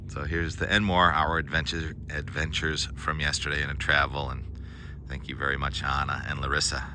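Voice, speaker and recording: A man vlogging outdoors by the water, chatting about the weather and chuckling often, with wind on a handheld camera mic. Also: a bass voice. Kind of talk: casual outdoor vlog narration. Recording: loud wind noise on the mic.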